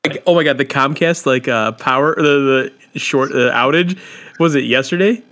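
A man's voice: mid-range voice, moderate pace, fairly bright tone. A man co-hosting a podcast, rambling through stories in casual chat and swearing freely. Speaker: podcast co-host. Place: Chicago area.

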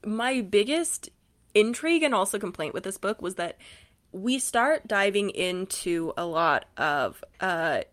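A woman co-hosting a casual book podcast, giggly and animated as she recaps scenes. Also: medium pitch, a little slow. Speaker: podcast co-host.

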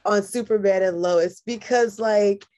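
A woman's voice: medium pitch, a little slow, dark tone, slight background noise. A woman from New York co-hosting a casual chat about a TV show, laughing often. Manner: giggly, easygoing, laughs often. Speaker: podcast co-host.

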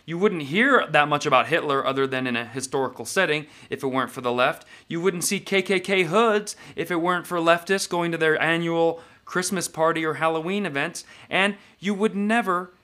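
A man's voice: on the high side, normal speed, hardly any pauses, bright, forceful tone. A man hosting a live-stream show, talking to viewers in an emphatic, opinionated way.

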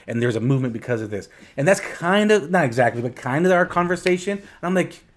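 A man's voice: fairly high pitch, animated, fairly quick. A man co-hosting a casual podcast chat, talking emphatically and often repeating his first words as he starts a thought. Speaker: podcast co-host.

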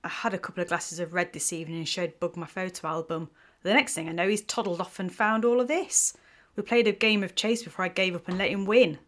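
A woman's voice: fairly low pitch, fairly quick, fairly bright tone, natural voice. A woman doing Evelyn, an exasperated young woman. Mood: weary. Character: young woman, frustrated then tender.

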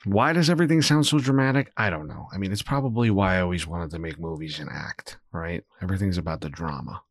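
A young man hosting a solo podcast, talking candidly and rambling, swearing freely as he swings between low muttering and animated bursts. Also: fast, dry recording, studio quality. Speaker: podcast host.

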